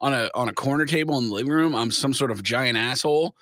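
A man's voice: medium pitch, fast talker, fairly bright tone, dry recording, studio quality. A man in his thirties co-hosting a podcast, trading wry, sarcastic banter in casual chat. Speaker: podcast co-host.

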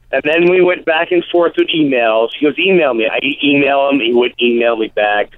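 A man's voice: medium pitch, dry recording. Rambling man on a tinny phone line. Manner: rambling, lively, slips into quick impressions of people. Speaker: guest comedian. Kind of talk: casual interview chat.

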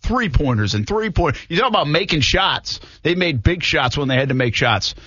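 A man hosting a sports radio show, relaxed and joking as he moves between segments. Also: a little high, moderate pace, husky, no echo, dull audio. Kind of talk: casual radio banter.

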